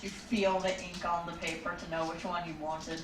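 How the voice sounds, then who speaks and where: Teasing low-voiced woman on a stream. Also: level tone, moderate pace, background noise. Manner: teasing, laughing banter. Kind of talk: casual chat on a live stream. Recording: roomy, distant mic with loud music behind. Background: game music.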